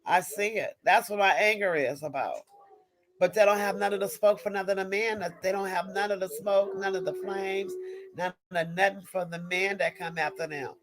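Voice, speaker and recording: A woman's voice: medium pitch, steady tone, normal speed, low-quality recording. A woman hosting a live stream and answering viewer chat, ranting with emphatic, repetitive restarts. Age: adult mother of young kids. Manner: emphatic, repetitive, stops and restarts mid-sentence. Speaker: livestream host reading viewer chat. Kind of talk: impassioned live-stream rant.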